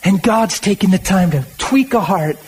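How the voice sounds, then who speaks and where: A man with a notably high-pitched voice delivers a sermon. He talks plainly and conversationally and keeps leaning into emphatic asides to the congregation. There is a faint hum of noise behind him. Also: expressive, normal speed. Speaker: preacher.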